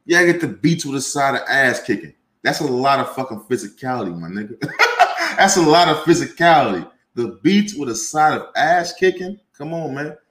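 A man's voice: lively intonation, a little fast, hardly any pauses, husky. A man hosting a podcast, ranting casually with heavy profanity and rising heat. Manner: profane, heated, gets louder and higher when ranting. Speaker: podcast host.

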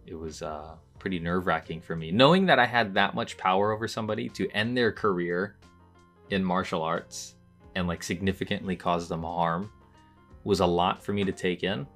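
A young man hosting a podcast, telling a personal story in a casual, chatty way, with lots of fillers and bursts of excitement as he relives moments. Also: sits low. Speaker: podcast host.

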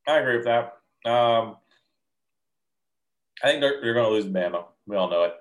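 A man's voice: mid-range voice, animated, normal speed. A man co-hosting a sports podcast in casual chat, stating firm picks and sometimes restarting his sentences.

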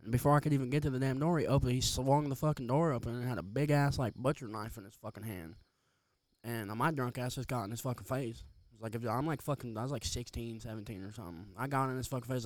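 A man's voice: mid-range voice, very fast, no echo. A young man co-hosting a podcast, telling rambling, profane stories in casual chat. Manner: rambling, heavy profanity, animated storytelling. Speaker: podcast co-host.

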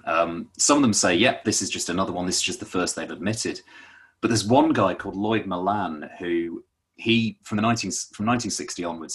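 A man's voice: sits low, fairly bright tone, breathy edge. A man explaining a topic in casual conversation, rambling with lots of fillers and restarts.

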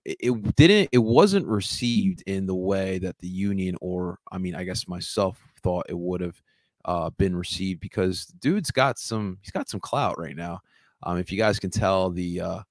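A man's voice: deep voice, dry recording. A man hosting a casual soccer fan show, talking in a rambling way with many restarts. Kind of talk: casual chat commentary.

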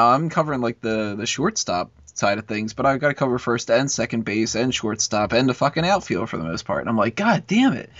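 A podcast host with a medium-pitched, fairly bright voice chats casually, rambling through a long school story packed with swearing and fillers. The recording is dull and lo-fi, with no echo.

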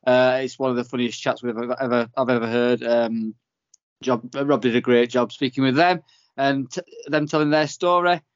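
A man's voice: mid-range voice, steady tone, moderate pace, no echo, dull audio. A man hosting a podcast, talking in a hesitant, good-humored way with many fillers. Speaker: podcast host. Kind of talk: casual podcast chat.

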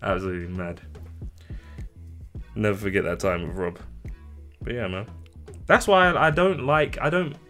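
A young man from London, co-hosting a casual podcast and telling stories in an animated way, swearing freely and acting out what people said. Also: fairly low pitch, normal speed, pauses often, faint music behind. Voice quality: swears freely, animated storytelling with acted-out quotes. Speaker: podcast co-host. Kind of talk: casual chat.

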